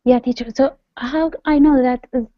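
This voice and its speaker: High-voiced woman learner reading carefully. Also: fairly even intonation, normal speed, no echo, highs cut off. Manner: careful, hesitant reading aloud. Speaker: language student.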